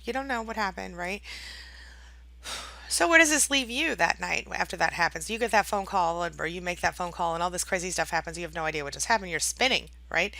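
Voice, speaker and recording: Chatty woman coach, bright tone with some fry, acts out quotes. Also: fairly low pitch, fairly quick, dry recording. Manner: chatty, tags sentences with "right?" and "okay?"; acts out quoted voices dramatically. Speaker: online coach for abuse survivors. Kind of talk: direct-to-camera advice talk.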